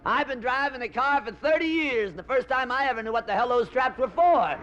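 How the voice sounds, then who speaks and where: Man playing a giddy old man, squealing, very high, muffled vintage record. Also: fairly quick, a bit bright, slight background noise.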